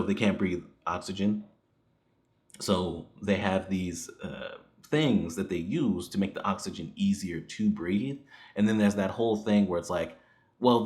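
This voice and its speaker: A man's voice: sits low, darkish tone. A man giving a casual spoken movie review, rambling and chuckling as he goes. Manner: rambling, with frequent chuckles and fillers.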